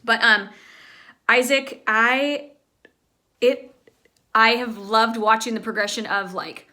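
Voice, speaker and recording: Bright-voiced woman, chatty and warm. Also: on the high side, steady tone, takes it slowly. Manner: warm, rambling, filler-heavy, chatty. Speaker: choir teacher. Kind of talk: heartfelt farewell messages to graduating students.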